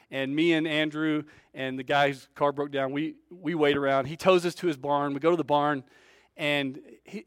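Man with a high voice for his sex telling a lively story from the pulpit. He swings between loud bursts and near-quiet asides, acting out the voices of the people he quotes. The sound is dry and close, with no room echo. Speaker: preacher. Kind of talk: storytelling sermon.

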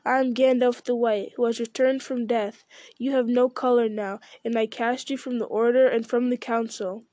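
A stern old male wizard who commands rather than asks, as a woman reads him aloud. His voice sits fairly high and stays flat and mellow. The sound is dry and close, like a storybook read at home. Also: dry recording, natural voice. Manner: stern, measured reading.

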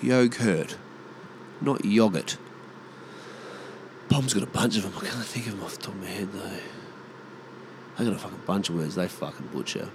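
A man's voice: deep voice, expressive, fast talker, a little hiss or hum. A man with an Australian accent, rambling in a casual monologue and ranting bluntly with plenty of swearing.

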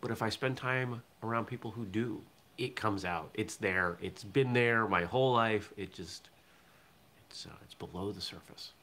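This is a man from southern Maine hosting a casual morning live stream. His voice sits a little low yet rings bright and forward. He chats easily and now and then reads viewer comments aloud. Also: normal speed. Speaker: host of a morning live show.

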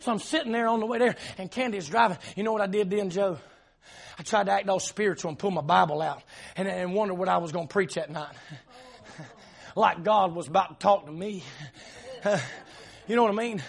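A male pastor telling a story in an emphatic sermon, often shouting and laughing as he preaches. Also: high voice, normal speed, vocal fry, slightly rough.

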